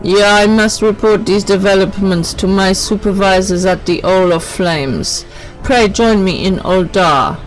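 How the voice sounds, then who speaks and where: A stern male army captain speaks in a put-on Jamaican accent, as a woman reads him aloud. He delivers his lines slowly and deliberately, like reading orders. Faint game music plays behind him. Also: mid-range voice, close to an everyday voice, low-quality recording. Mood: grave.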